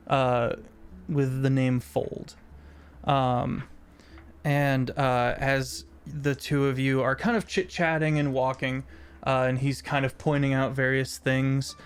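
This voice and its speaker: A man narrating a tabletop role-playing game as game master, halting with many fillers. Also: medium pitch, clean tone.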